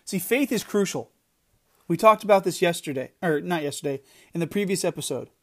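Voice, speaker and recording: Speaking a little fast in a high-pitched, fairly bright voice, this middle-aged podcast speaker gives an animated, earnest devotional talk. He is emphatic and often starts his phrases over.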